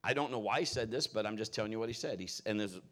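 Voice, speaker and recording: Male pastor, lowish voice, folksy rambling storyteller in a sermon. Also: very fast, fairly bright tone. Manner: folksy, personal, rambling asides.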